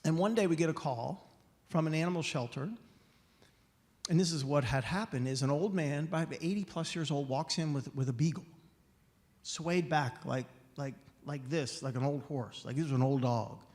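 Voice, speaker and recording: A male guest speaker telling a story in a sermon at a spiritual center, animated and often restarting phrases, in an echoey hall. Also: a little high, normal speed. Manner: animated, voicing characters, frequent restarts.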